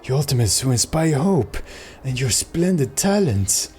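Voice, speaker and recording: A streamer voicing an unsettlingly polite young man obsessed with hope, speaking softly while reading game dialogue aloud. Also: mid-range voice, big pitch swings, measured pace, a little hiss or hum. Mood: earnest.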